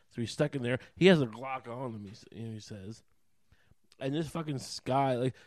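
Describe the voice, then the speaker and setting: A man delivers a rambling solo rant as a podcast host, swearing freely and turning heated. His voice sits at an ordinary middle pitch. It is recorded close and dry, with no room sound. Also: a little mellow, no room sound.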